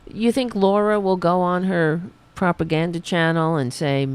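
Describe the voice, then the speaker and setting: A woman hosting a political commentary show, reading news items and breaking off into sarcastic, profane rants in a slightly raspy voice. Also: on the low side, fairly even intonation, normal speed. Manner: sarcastic, profane, reads news then riffs.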